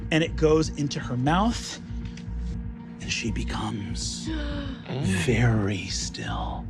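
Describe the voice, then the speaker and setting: A man running a tabletop game as game master, narrating quickly and vividly with bursts of energy. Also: mid-range voice, big pitch swings, vocal fry. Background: music.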